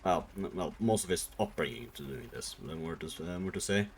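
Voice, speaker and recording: Animated, rambling male streamer. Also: low-pitched, brisk, a little hiss or hum. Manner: rambling, irreverent, laughs, swears. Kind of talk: casual lore retelling.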